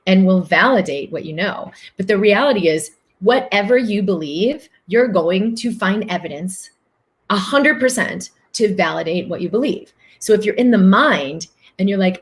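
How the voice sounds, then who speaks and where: A woman's voice: mid-range voice, normal speed. A woman host talking earnestly on a live stream, reading out viewer comments and answering them in long flowing phrases.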